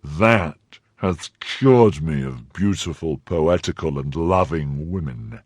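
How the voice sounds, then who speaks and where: A man voicing a bitter, brooding nobleman in his cups, speaking slowly and heavily. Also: rumbling low, lively intonation, no room sound, full character voice. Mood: grim, brooding.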